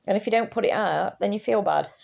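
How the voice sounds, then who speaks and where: Fussy elderly neighbour lady, put on by a woman, grumbling and mock-annoyed in a higher, gravelly voice. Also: quick pace, a little mellow, dull audio.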